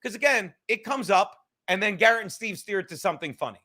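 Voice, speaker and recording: A man's voice: high-pitched, animated, quick pace, sharp tone. A man hosting a podcast, ranting casually with heavy swearing and sarcastic asides. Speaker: podcast host. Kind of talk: casual rant.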